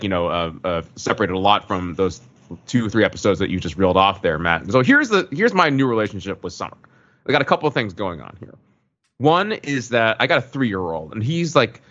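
A man's voice: fairly low pitch, fairly bright tone. A man co-hosting a podcast in casual chat, wry and chatty with many fillers, on a dull lo-fi mic. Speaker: podcast co-host.

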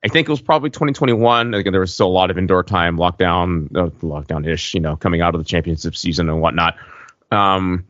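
A man's voice: deep voice, quick pace, fairly bright tone, no room sound. A man in his forties from the United States co-hosting a podcast, chatting and explaining things at length. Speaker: podcast co-host. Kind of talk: casual podcast chat. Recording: dry, slightly muffled podcast audio.

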